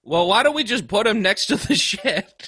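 Young male player, playful and halting, bright and lively. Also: sits high, breathy edge, no room sound. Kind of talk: casual tabletop play.

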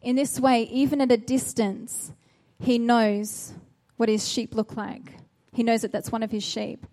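A woman's voice: a little high, mellow. A woman preaching a sermon, earnest and exhorting, with a run of searching rhetorical questions.

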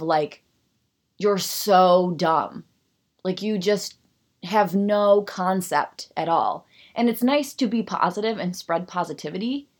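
A woman's voice: medium pitch, a little mellow. A woman in her thirties hosting a solo podcast, ranting sarcastically and animatedly, then reading a passage aloud. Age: 30s. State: out of breath. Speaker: podcast host.

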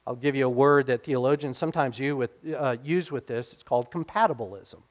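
A man's voice: medium pitch, a little fast. A middle-aged man preaching a sermon as pastor, in an earnest, conversational way, often checking in with his listeners.

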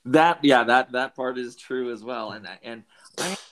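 A man's voice: mid-range voice, moderate pace, a bit bright. A middle-aged man from Southern California hosting an interview, talking in a rambling way with many restarts and fillers. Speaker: podcast host. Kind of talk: conversational interview.

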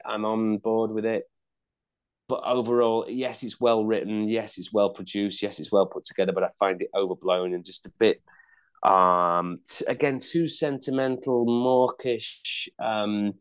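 A man with a slightly low voice talks through an album track by track in casual podcast chat. He wanders, hedges and restarts his sentences, filling gaps with ums and likes. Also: clear, resonant tone. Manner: chatty, hesitant, many fillers and restarts. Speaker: podcast co-host reviewing an album.

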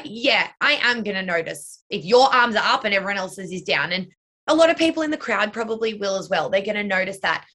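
A woman's voice: mid-range voice, sharp tone. A young woman, a dance and cheer coach and choreographer, answering interview questions in a chatty way, full of "like" and "you know".

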